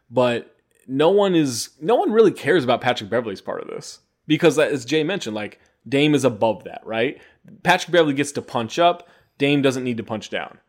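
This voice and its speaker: A man co-hosting a casual basketball podcast, talking with a lot of energy and breaking into laughter now and then. He drops curse words freely and keeps the tone loose, at an ordinary pitch for a man. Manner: animated, swears casually, laughs often. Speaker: podcast co-host. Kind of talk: casual sports chat with banter.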